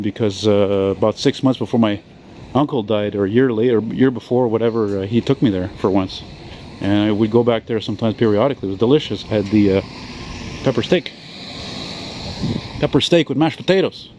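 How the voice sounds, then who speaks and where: A man, dropping words now and then. He rambles and swears as he walks along a city street with a handheld camera. His voice is mellow and dark, with faint traffic behind him. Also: fairly low pitch, fairly quick, dull audio. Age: 40s. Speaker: vlogger. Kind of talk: rambling walk-and-talk vlog. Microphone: handheld camera while walking.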